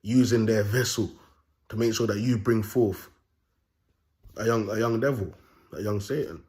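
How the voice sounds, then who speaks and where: A man's voice: on the low side, moderate pace, darkish tone. A young man delivering an unscripted monologue as a self-styled prophet, talking raw and bold in street slang with rambling repeats.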